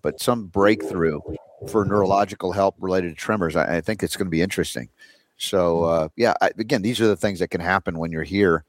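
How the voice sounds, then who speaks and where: A male talk show host with a low voice, chatting in a loose, rambling way full of fillers and restarts. His voice is recorded close and dry, with no room sound. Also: no room sound. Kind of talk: casual talk show chat.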